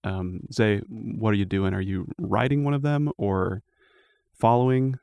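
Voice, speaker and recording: A man narrating as dungeon master in a tabletop game, easygoing and unhurried, with fillers. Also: on the low side, steady tone, creaky, darkish tone, no echo.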